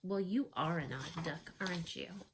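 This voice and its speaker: A woman's voice: lowish voice, a little slow, background noise, lightly acted. A woman voicing a stern older female housekeeper with a Yorkshire accent, scolding and disapproving. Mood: indignant.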